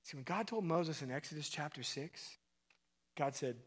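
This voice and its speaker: A man preaching a sermon as pastor, asking his listeners questions and acting out quoted voices, swinging between loud emphatic calls and quiet low passages. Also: expressive, normal speed. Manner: acts out quoted voices and asks the crowd questions.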